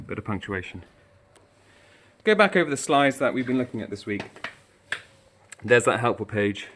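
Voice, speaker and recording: A man, a primary school teacher, giving encouraging instructions for a remote lesson while walking around a school, a little out of breath. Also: medium pitch. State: slightly out of breath. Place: indoors in a school, walking between rooms.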